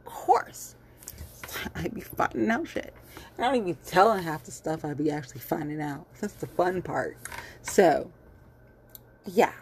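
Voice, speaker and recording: A woman's voice: deep voice, darkish tone, a little hiss or hum. A woman ranting bluntly and heatedly in casual commentary, cursing freely and repeating herself with lots of fillers. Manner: fillers and repetitions. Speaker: vlogger.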